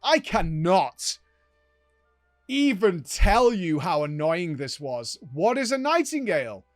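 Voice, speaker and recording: Male streamer host, lively storyteller who acts out lines, fairly high voice, dry recording. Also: slow, dry recording, faint music behind. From United Kingdom. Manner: animated storytelling, acts out exchanges with "I'm like". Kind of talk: casual gaming recap chat.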